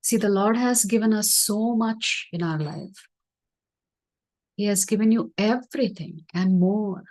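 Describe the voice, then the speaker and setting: A woman teaching scripture through a story, acting out the dialogue in an earnest, gentle way during an online session. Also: mid-range voice, a little slow. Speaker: spiritual teacher.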